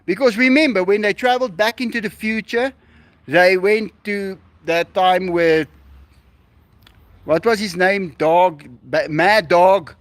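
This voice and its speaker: A livestream host with a high voice and a South African accent, whose first language is Afrikaans, chats animatedly with viewers beside an animal enclosure. He speaks unhurriedly in a casual way, and there's no echo.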